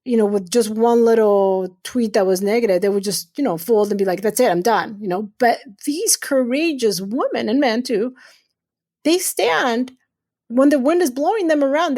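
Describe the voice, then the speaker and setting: On a podcast, a middle-aged female surgeon, the guest urologist, is being interviewed. Her voice sits on the high side with a darkish tone, and she speaks with earnest emphasis, frequently repeating phrases for weight.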